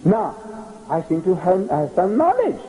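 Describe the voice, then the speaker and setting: Animated older man telling stories. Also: high voice, normal speed, poor audio. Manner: animated, emphatic, repeats key phrases. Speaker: lecturer. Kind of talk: storytelling lecture.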